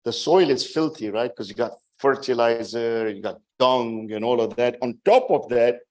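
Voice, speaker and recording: A man giving a religious sermon to a gathering. He speaks in a slow, emphatic way, rises to forceful peaks and keeps checking in with his listeners with "right?". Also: medium pitch. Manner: rhetorical, keeps asking "right?" to the audience. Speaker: majlis speaker.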